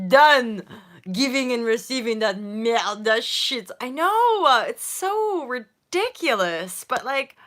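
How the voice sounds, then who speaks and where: A spiritual vlogger chats casually on a livestream in a medium-pitched, pushed and bright voice. She rambles, swears freely and pokes fun at herself.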